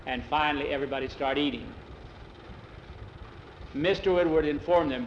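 A man telling a story in a relaxed, homespun way, acting out each character as he goes, in a roomy, dull lo-fi recording. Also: fairly high pitch, slight background noise. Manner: unhurried, homespun, acts out the characters. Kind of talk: oral storytelling.

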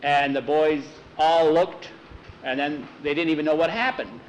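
A man telling a sports story in a folksy, animated way, with many "he said"s. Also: on the high side, measured pace, slight background noise, poor audio. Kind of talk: told story narration.

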